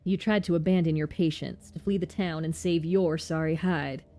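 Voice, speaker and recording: A woman voicing a stern older male town governor with a Southern US accent and a gruff, sardonic way of talking. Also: low voice, fairly even intonation, normal speed, mellow, natural voice. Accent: Southern US (put on).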